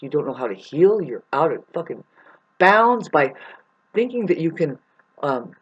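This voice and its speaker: A vlogger delivers an angry, rambling rant full of profanity, warning and scolding the listener. The voice is mid-range, and the sound quality is lo-fi.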